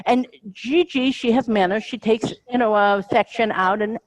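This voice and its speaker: A woman's voice: on the high side, moderate pace, rough recording. Rambling, laughing American woman comedian. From United States. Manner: rambling, self-interrupting, laughs often. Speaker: comedian guest. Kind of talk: casual interview storytelling.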